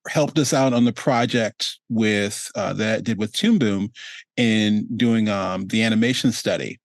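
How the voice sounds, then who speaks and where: A man's voice: fairly low pitch, unhurried, dry recording. A male host chatting casually on a video call, rambling and restarting his sentences and laughing often. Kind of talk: casual chat.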